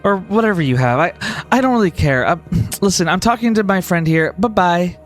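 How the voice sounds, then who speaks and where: A man's voice: sits high, lively intonation, brisk, voice pushed up. A catty, snobby young woman talks down to others in a raised, sneering voice, as a man puts her on. Faint music sits under the tabletop game scene. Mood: snide. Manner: catty, dismissive.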